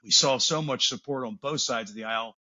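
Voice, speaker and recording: A man's voice: mid-range voice, brisk, bright, forceful tone, lo-fi sound. A man co-hosting a podcast, asking rambling, hesitant questions. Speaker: podcast co-host.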